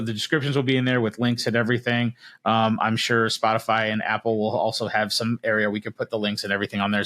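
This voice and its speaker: Relaxed male podcast host. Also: medium pitch. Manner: friendly, relaxed wrap-up with fillers. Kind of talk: podcast interview.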